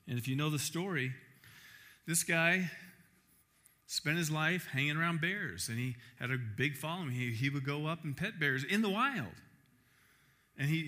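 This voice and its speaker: A man preaching to a camp in a lively, emphatic way, piling up rhetorical questions. His voice sits a little high. It sounds very bright and forceful. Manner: emphatic, fires rhetorical questions, animated storytelling. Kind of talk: sermon.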